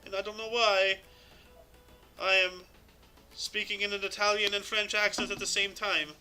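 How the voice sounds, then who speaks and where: Bright-voiced chatty man, high pitch. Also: completely flat delivery, quick pace, clean tone, soft background music. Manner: rambling, filler-heavy, chuckling. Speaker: podcast host. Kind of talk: casual group chat reading history dates.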